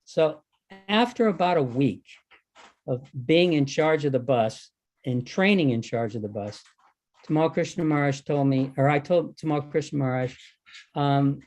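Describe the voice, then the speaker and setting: A man's voice: on the high side, normal speed, darkish tone. An older man telling a story at a reunion gathering, animating the exchanges he recalls. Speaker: devotee recalling service. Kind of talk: anecdotal talk at a reunion.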